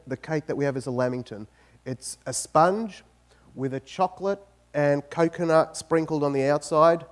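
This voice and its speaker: An Australian man giving a lively, joking talk as a guest speaker to an audience in a university auditorium. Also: a little high. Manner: joking, animated storytelling.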